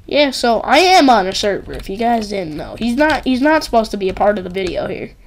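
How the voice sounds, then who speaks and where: Her mid-range voice swings widely in pitch as this gaming host chats briskly over slight background noise. The let's-play commentary is casual and rambling, with giggles and frequent "like" and "um."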